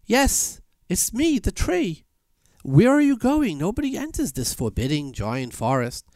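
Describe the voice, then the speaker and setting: A small twisted talking tree, its voice pitched high and thin, pleading for a share of luck, as a preacher puts it on. The sound is dry and close, with no room around it. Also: male voice, sing-song, a little slow, darkish tone, no room sound, full character voice. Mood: eerie, calling. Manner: plaintive and pleading. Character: stunted twisted little talking tree, wistful.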